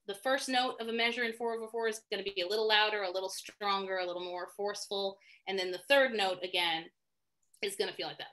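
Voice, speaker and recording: A woman's voice: medium pitch, bright, forceful tone. A woman teaching a live online singing class in a chatty, self-deprecating way, thinking aloud as she explains, heard over a video call. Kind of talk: live online music lesson.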